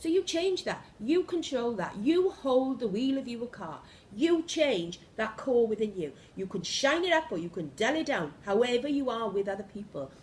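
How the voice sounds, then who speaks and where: A woman giving an energetic, emphatic spiritual pep talk to camera, repeating phrases for emphasis. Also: fairly high pitch, moderate pace, few pauses, slight background noise. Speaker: spiritual vlogger. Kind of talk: impassioned motivational monologue.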